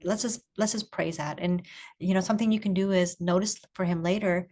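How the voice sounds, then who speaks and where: A woman leading an online parenting coaching group on a video call, asking calm, curious questions and encouraging the parents. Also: fairly low pitch, brisk.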